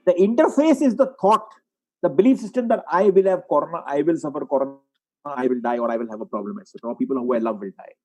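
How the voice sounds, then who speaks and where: A man giving a webinar lecture as a psychiatrist, walking through case examples and often clearing his throat. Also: a little high, lively intonation, fast talker, warm tone, rough recording. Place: online webinar.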